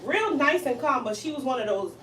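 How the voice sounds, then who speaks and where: High-voiced and brisk, a hairstylist who owns her own salon chats about something that happened, animatedly acting out quoted lines and laughing often. She is far from the mic in a roomy room, with faint hiss.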